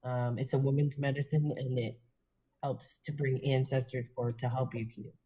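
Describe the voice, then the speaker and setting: Soft-spoken husky woman. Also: extremely low pitch, little pitch movement, normal speed, low-quality recording. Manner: gentle, reflective, with fillers. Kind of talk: casual spiritual chat.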